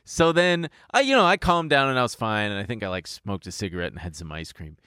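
Man telling a story, laughing, low voice. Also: quick pace, clear, resonant tone, no echo, clean studio sound. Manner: animated, laughing through the story, swearing. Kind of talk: casual storytelling.

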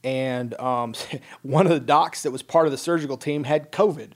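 Middle-aged man, veteran, casual storytelling, dry joking, acts out conversations, mid pitch. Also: moderate pace. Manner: wry, jokey, plain-spoken, acts out dialogue. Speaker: military veteran guest.

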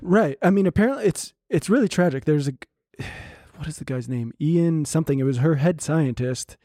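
A man co-hosting a podcast, chatting casually with halting restarts and fillers. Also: a little high, lively intonation, mellow, dry recording, clean studio sound. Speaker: podcast co-host. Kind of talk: casual chat.

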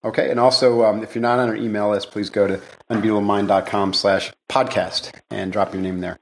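A man's voice: fairly low pitch, little pitch movement, brisk, vocal fry, a little hiss or hum. Upbeat, chatty male podcast host. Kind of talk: casual interview hosting.

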